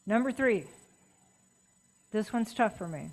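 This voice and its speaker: A middle-aged woman speaking as guest at a writers' meeting, chatty and personal with lively emphasis. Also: medium pitch, takes it slowly, low-quality recording. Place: meeting room.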